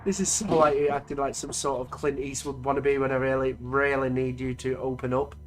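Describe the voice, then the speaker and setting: Sweary man reading slowly. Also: medium pitch. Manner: sweary, mocking asides between narrated lines. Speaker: channel host reading a story aloud. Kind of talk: reading an interactive story with reactions.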